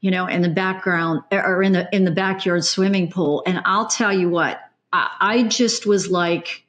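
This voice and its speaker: A middle-aged woman hosting a podcast, chatting in a lively, emphatic and conversational way. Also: lowish voice, normal speed. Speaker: podcast host. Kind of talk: casual interview chat.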